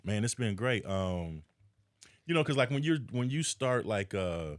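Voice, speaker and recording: A man telling stories as a podcast guest, animated and full of laughter. His pitch swings widely, and the sound is dry and close with no room echo. He keeps checking in with "you know what I'm saying.". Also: unhurried. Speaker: podcast guest, actor and content creator. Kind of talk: casual podcast chat.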